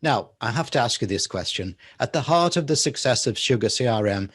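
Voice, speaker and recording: A man's voice: medium pitch, animated, a little fast, a bit bright, slightly rough, no echo, studio quality. A man hosting a tech interview show, asking formal questions and often affirming his guest with "yeah". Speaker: host. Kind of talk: interview host.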